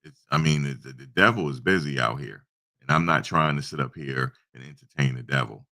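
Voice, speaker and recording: A man's voice: extremely low pitch, a little fast, pushed and bright. A man hosting a casual livestream, telling a story and talking in a conversational, repetitive way with preachy asides. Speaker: YouTube livestream host.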